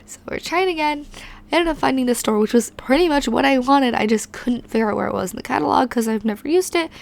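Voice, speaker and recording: A hoarse woman, recovering from being sick, hosting a video with a chatty, rambling voice-over recorded on a home mic. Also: high voice, fast. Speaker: host. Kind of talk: casual voice-over narration.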